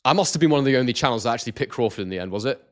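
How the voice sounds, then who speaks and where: A man hosting a live boxing stream, chatty and excitable, reading out viewers' chat messages. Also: medium pitch, rapid-fire.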